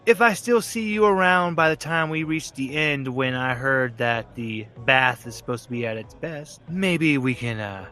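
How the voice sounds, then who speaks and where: A man voicing a flirtatious woman in a bunny costume, with a slow, low, teasing purr, in a tabletop game. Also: sharp tone, close to an everyday voice. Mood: flirty.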